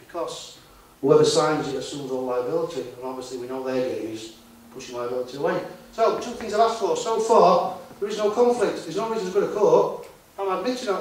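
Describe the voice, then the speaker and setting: A man's voice: on the high side, a little mellow. A man giving a talk to a live conference audience, chatty and tossing tag questions at the room. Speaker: conference speaker. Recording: very echoey hall, voice far from mic.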